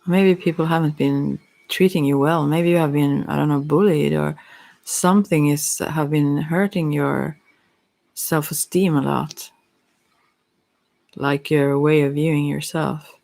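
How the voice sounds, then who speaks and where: A softspoken ASMR psychic with Swedish as a first language, giving a halting, hesitant chakra reading while teary-eyed. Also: mid-range voice, steady tone, vocal fry. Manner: halting, hesitant, with many fillers. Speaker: psychic card reader.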